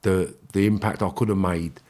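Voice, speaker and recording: A man's voice: low voice, fairly even intonation, normal speed, darkish tone. A middle-aged man with a London accent, a podcast guest telling stories in casual chat, blunt and full of swearing. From England. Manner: blunt, swearing, acts out quotes in raised voice.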